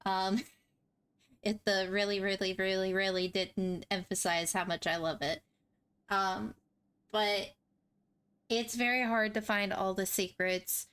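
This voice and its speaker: A woman's voice: mid-range voice, fairly even intonation, slow, pauses often, a bit bright, smooth. A woman hosting a game walkthrough, chatting casually in a rambling, self-deprecating way. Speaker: gaming walkthrough host.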